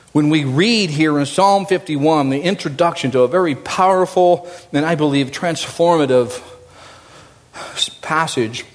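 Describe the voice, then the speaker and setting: A male pastor preaching a sermon in an animated, conversational way, swinging from loud, high emphasis to low, quiet asides. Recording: long reverb of a large hall.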